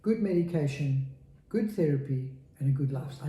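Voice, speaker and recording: In a reverberant recording, a podcast guest from South Africa, in his 40s, speaks with candor and earnestness, repeating phrases to drive points home. His dark-toned voice is on the high side, animated and moderately paced.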